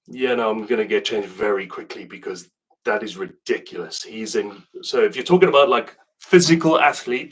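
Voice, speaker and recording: A man's voice: mid-range voice, fairly bright tone, recorded from a distance. A man from South Africa who speaks with a southern English accent, chatting casually as a rugby video host and rambling through viewer questions with asides and restarts. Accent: British, southern English. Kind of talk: casual chat to camera.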